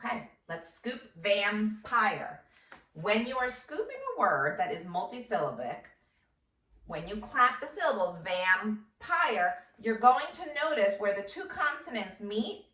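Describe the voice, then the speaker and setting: A first grade teacher woman dictating a phonics lesson, sounding out words slowly and clearly syllable by syllable. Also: mid-range voice, bright, forceful tone. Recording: echoey room, voice from a distance.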